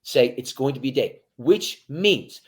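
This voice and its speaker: This military veteran guest speaks in a mid-range, expressive voice at an unhurried pace, giving motivational interview talk aimed straight at listeners. His volume swings between hushed and loud.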